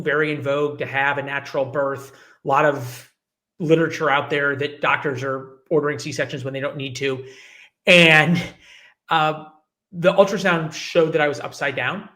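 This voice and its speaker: A man's voice: on the high side, bright, forceful tone. A man in his forties, a journalist guest telling his life story in an interview, acting out the people he quotes. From United States. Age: 40s.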